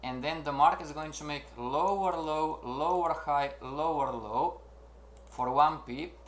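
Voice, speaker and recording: A man teaching a live online trading lesson, animated and checking in often with his class, acting out traders' worries in their own voices. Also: fairly high pitch, a little slow, a little hiss or hum. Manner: animated, repeats "make sense, everybody?", acts out traders' inner voices. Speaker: trading instructor. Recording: roomy echo.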